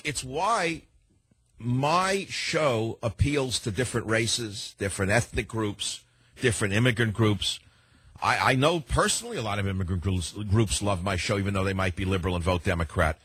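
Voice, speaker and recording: A man's voice: on the low side, lively intonation, normal speed, fairly bright tone, slightly rough, dry recording. An older man with a New York accent, hosting a radio talk show in a combative, rambling way and often repeating himself. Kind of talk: opinionated talk radio monologue.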